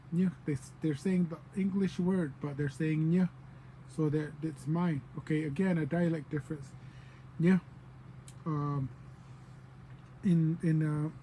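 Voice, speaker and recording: Guy explaining words slowly, kinda high but mellow voice, repeats stuff, faint hiss behind. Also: rough recording. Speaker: language teacher. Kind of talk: casual spoken language lesson.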